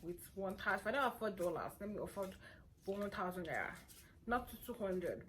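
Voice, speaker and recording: A young woman with a Nigerian accent chatting playfully to camera as a vlogger, hoarse from a cold and sore throat. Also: mid-range voice, a bit bright, slight background noise. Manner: chatty, playful and self-assured. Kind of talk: casual chat to camera.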